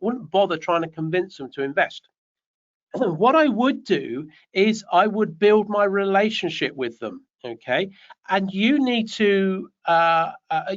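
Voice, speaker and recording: High-voiced guy rambling thru a property q&a, kinda muffled video call sound. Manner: chatty, rambling, joking asides. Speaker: property development coach. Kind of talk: online Q&A session. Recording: dull lo-fi online call audio.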